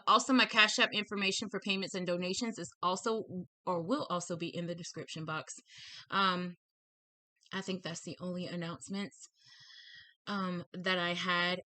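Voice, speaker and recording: In a chatty intro to a reading video, a tarot reader and channel host with a lisp runs through announcements, slightly tongue-tied. She is bubbly and effusive and repeats herself. Her lowish voice sounds bright and forceful, with no room sound.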